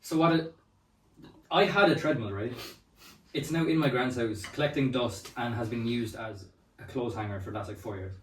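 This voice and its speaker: A man co-hosting a comedy podcast, telling relaxed stories and dropping dry, teasing quips. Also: mid-range voice, normal speed, distant mic, slight background noise. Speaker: podcast co-host. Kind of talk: casual comedic chat. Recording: roomy sound, speaking away from the mic.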